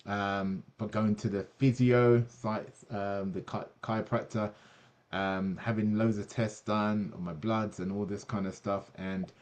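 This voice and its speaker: A man's voice: lowish voice, steady tone, measured pace, a little mellow. A man hosting an online product presentation, talking enthusiastically with many fillers and restarts.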